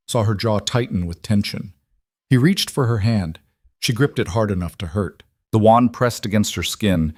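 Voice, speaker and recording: A man narrating a scripted story in an even, measured way. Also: lowish voice, dry recording, clean studio sound.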